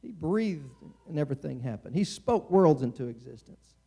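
Middle-aged man preaching casually with frequent restarts, gravelly, warm-toned voice. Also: fairly high pitch, big pitch swings, normal speed. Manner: conversational, frequent restarts and stammers. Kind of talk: sermon.

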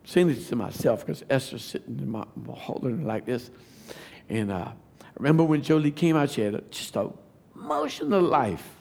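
A man, giving a testimony sermon that builds to fervent shouting. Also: medium pitch, very animated, moderate pace, vocal fry. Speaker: preacher.

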